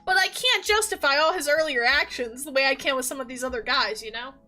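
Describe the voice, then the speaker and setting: A woman livestreamer in casual chat, recapping a game in a rambling, animated way with lots of filler words. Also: sits high, fast.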